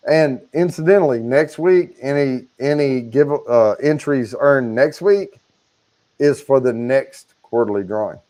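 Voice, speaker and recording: A livestream co-host chats casually, walking through the giveaway details at an easy, unhurried clip. His middle-pitched voice is relaxed and talkative.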